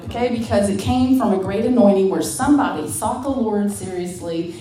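A middle-aged woman giving a spiritual testimony, with a mellow, soft-edged tone. She tells it as a lively story, acting out her own past words and calling her listeners "y'all." She sounds set back from the mic in a roomy space. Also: mid-range voice, fairly quick, distant mic, slight background noise. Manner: talks straight to listeners as "y'all".

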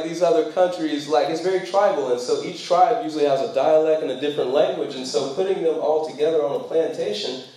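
Male preacher, easygoing storytelling sermon, dark mellow tone, reverberant room. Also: fairly high pitch. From United States. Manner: conversational, frequent fillers, laughs while telling stories. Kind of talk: sermon talk.

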